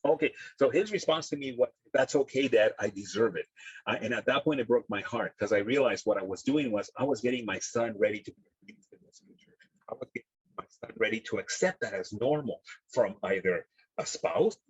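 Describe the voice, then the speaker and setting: A man giving a parenting workshop talk over a video call, earnest and halting, with many fillers. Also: mid-range voice, breathy edge, dry recording. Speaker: presenter. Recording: dull, dry audio over a video call.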